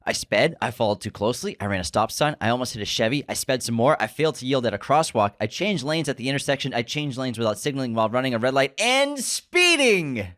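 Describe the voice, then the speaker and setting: A man's voice: mid-range voice, lively intonation, fairly bright tone, close to an everyday voice. A man doing a comic impression of a frantic lawyer rattling off a breathless list of offences. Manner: rapid breathless list with a big inhale.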